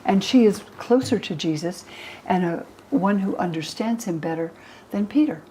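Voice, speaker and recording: An older woman scholar explaining old texts to an interviewer, lively, acting out the quoted speakers in higher voices. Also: normal speed, a little hiss or hum, poor audio. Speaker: religion scholar and guest.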